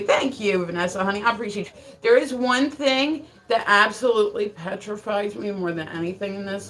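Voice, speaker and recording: A woman's voice: medium pitch, low-quality recording. A woman livestreamer talks loosely and casually with her chat. She swears freely and laughs often as she tells her stories, breaking off to read viewer comments aloud. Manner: profane, rambling storyteller; laughs often mid-sentence.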